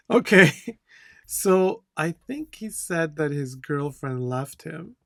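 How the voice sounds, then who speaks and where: A man's voice: a little high, animated, takes it slowly, vocal fry, pushed and bright, no echo, studio quality. A man instructor working through test answers, repeating key words and reading the dialogue lines aloud. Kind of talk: tutorial explanation.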